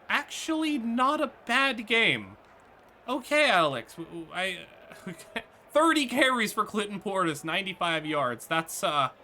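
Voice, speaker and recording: A man giving excitable let's-play commentary on a football video game, reacting aloud to each play. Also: sits high, slight background noise. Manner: excitable, talks back to the game. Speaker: gaming YouTuber.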